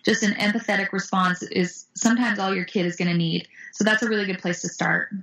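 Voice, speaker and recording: A woman's voice: mid-range voice, brisk, rough recording. A woman guest in an interview, talking animatedly about anti-bullying tools and acting out the voices of the kids in her stories. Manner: animated, acts out quoted voices. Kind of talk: interview answers.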